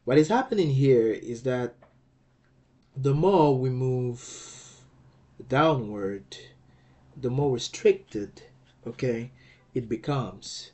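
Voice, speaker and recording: A man's voice: mid-range voice, animated, slow, long pauses, mellow. A man teaching a language lesson, patiently explaining rules, sounding out words syllable by syllable and often checking in with "okay?". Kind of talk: slow explanatory lecture.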